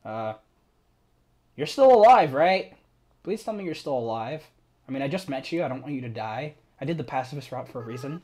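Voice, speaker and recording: A man doing let's play commentary, with excitable, loud outbursts and stammering reactions. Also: medium pitch, fairly quick.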